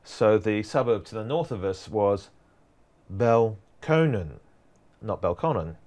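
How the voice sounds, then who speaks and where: In a prerecorded university lecture, a man with a lowish, slightly mellow voice talks at normal speed. His explanation is loose and conversational, wandering from one point to the next.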